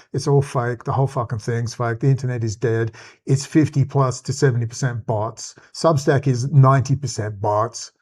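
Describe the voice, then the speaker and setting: An Australian man hosting his own channel, delivering an agitated, rambling, profane commentary rant. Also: mid-range voice. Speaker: channel host.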